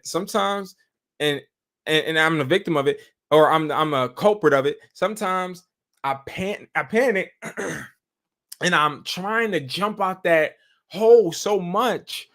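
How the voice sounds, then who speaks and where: A man's voice: high-pitched, fairly bright tone. A man hosting a live stream, chatting casually and telling stories in loose slang with profanity. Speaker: host.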